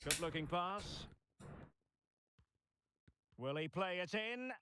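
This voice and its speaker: A man voicing a polished, excitable football match commentator in scripted in-game commentary. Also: sits high, takes it slowly, background noise. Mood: commentating.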